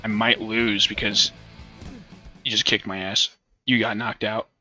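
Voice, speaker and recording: A man rambling through casual gameplay commentary, cracking jokes and swearing at a clunky game. His voice is lowish in pitch but bright and forceful, with faint music underneath. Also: little pitch movement, a little slow. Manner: profane, joking, rambling. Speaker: let's play host.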